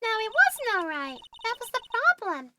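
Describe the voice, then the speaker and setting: A woman's voice: very high-pitched, big pitch swings, moderate pace, heavy background noise, pitched above the performer's own voice. A woman voicing a naive, bubbly young female circus performer in a game playthrough. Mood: sweet, bubbly. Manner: gushing, naive. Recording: game music behind.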